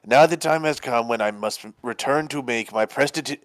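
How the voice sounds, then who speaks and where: A man's voice: medium pitch, moderate pace, a little hiss or hum, lightly acted. A man voicing a haughty middle-aged male stage magician, speaking in grand, theatrical pronouncements while playing through a game with a friend. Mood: grandiose. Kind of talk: voicing game characters live.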